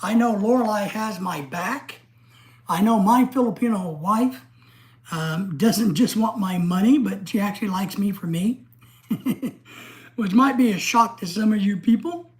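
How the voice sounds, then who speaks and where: A middle-aged woman from the United States hosting a casual livestream, ranting in an excitable, blunt and profane way. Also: mid-range voice, unhurried. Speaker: livestream host.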